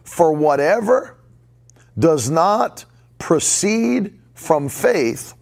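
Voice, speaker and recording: A man in his forties delivers a podcast sermon with a gravelly edge to his voice. His pitch sits a bit high and swings widely as he presses home each point. He repeats short, punchy lines for emphasis. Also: big pitch swings, extremely slow. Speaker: pastor.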